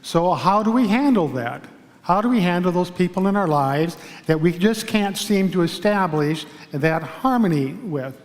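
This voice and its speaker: A male pastor giving a sermon in a church, telling a story in a calm, measured way with pauses. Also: sits high, long reverb tail. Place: large church sanctuary.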